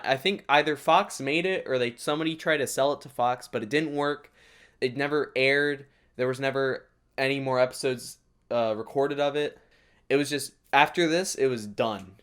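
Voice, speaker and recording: A man hosts a reaction video, riffing on what he watches in casual comedic commentary. He is excitable and sarcastic, full of quick asides. His voice sits at an ordinary male pitch. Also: smooth.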